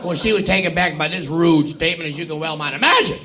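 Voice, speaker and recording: Bright high-voiced man doing stand-up. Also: fast talker, a faint crowd. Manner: drawling storyteller, builds a chant of phonetic syllables. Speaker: stand-up comedian. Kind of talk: stand-up joke telling. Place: comedy club stage. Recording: live club recording with audience laughter. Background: audience laughing.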